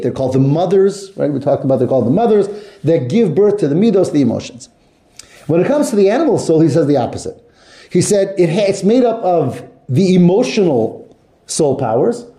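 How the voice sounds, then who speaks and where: A man's voice: high-pitched, warm tone. A man teaching a text study class to students, explaining step by step and putting questions to the class. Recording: echoey room.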